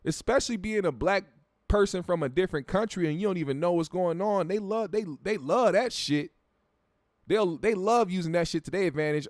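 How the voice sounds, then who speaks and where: A man's voice: high-pitched, a little fast, a little mellow, dry recording, studio quality. Brash, profane male livestream host. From United States. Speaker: show host. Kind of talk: livestream chat, reading viewer comments.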